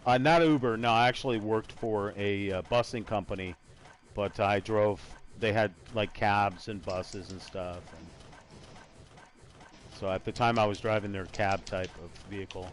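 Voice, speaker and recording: A man's voice: on the low side, steady tone, normal speed. Man, gaming stream host, casual chat, loose talk, swears. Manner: casual, swears, tries silly accents. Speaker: podcast host and gamer. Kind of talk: casual chat while playing.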